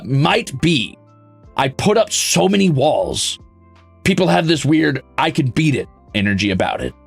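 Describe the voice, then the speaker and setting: Brash gravelly male streamer. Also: mid-range voice, a bit bright. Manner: brash, sarcastic, swearing, mock-grumpy. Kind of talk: casual chat reading donations.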